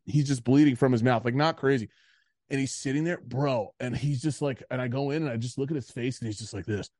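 A man's voice: mid-range voice, fairly quick, a little mellow, no echo, clean studio sound. Profane rambling man telling a story. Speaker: podcast co-host. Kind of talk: casual storytelling chat.

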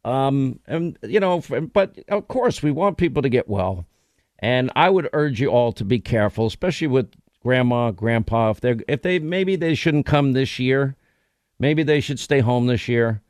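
A man's voice: mid-range voice, animated, normal speed, a little mellow, dry recording. A man hosting a talk radio show, delivering a rambling, emphatic, conversational monologue into a studio microphone.

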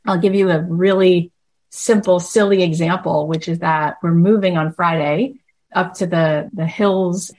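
A woman hosting a casual monologue, chatty and animated. She acts out the people in her story and fills her talk with "like." Her voice sits at a middle pitch. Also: measured pace. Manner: chatty, animated, quotes dialogue, says "like" a lot.

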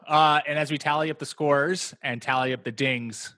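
A man hosting a casual fantasy football podcast, talking in an animated way with laughs. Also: on the high side, normal speed, no echo. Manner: animated, laughs, mimics others. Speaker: podcast host.

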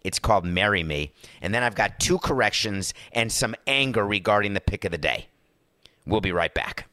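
A man's voice: fairly low pitch, animated, moderate pace, sharp tone, no echo, studio quality. A male podcast host giving sarcastic sports business commentary, often acting out the people he quotes.

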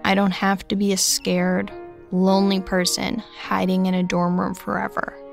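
A young woman narrating a scripted first-person story in a slow, reflective way. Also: medium pitch, completely flat delivery, vocal fry, faint music behind.

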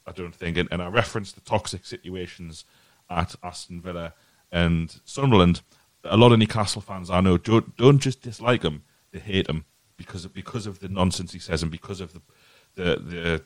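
Hosting a casual football podcast, a deep-voiced man shares a heartfelt but rambling opinion, often saying the same words again. No room sound can be heard.

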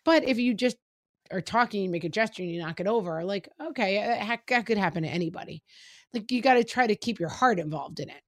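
A middle-aged woman chatting frankly about parenting, quoting her kids in quick asides. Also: medium pitch, expressive, dry recording, clean studio sound. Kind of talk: casual chat about parenting.

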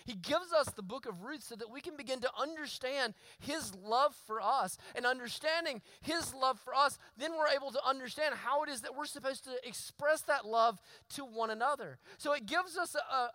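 A man, preaching a sermon and telling a story with lively, sometimes shouted asides. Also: very high voice, no echo, rough recording. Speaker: pastor.

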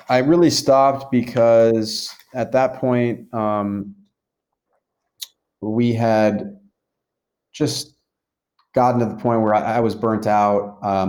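A man's voice: lowish voice, a little mellow. A man in his twenties telling his story in a rambling, casual way, with many fillers and restarts. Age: 20s. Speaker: guest.

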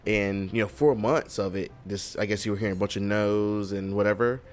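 A man hosting a podcast, chatting casually and reacting with expressive exclamations. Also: fairly low pitch, brisk, faint music behind. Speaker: podcast host. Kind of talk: casual interview chat.

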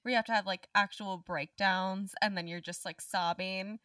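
A woman's voice: mid-range voice, fairly even intonation, moderate pace, bright, forceful tone, dry recording, clean studio sound, recorded from a distance. A woman hosting a casual interview, laughing readily and reacting with enthusiasm. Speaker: podcast host.

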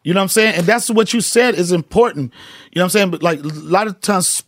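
A man's voice: high-pitched, fast, no echo, clean studio sound. A middle-aged male comedian, telling emphatic, profane stories as a podcast guest. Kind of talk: casual podcast chat.

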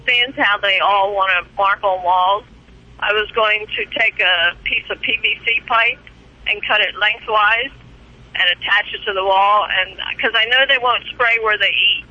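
Bright-voiced woman calling in to radio. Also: medium pitch, normal speed, breathy edge, muffled recording. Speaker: caller. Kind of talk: phone-in conversation.

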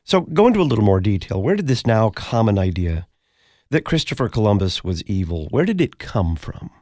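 A man hosting a radio interview, asking questions in a measured, inquisitive way. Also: fairly low pitch, big pitch swings, dark tone, no echo, clean studio sound. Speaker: radio host.

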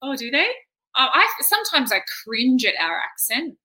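A woman's voice: sits high, sing-song, normal speed, pushed and bright. A young woman from Australia with a slightly Americanized Australian accent, chatting as a guest and laughing easily. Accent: Australian, partly Americanized. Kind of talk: casual interview chat.

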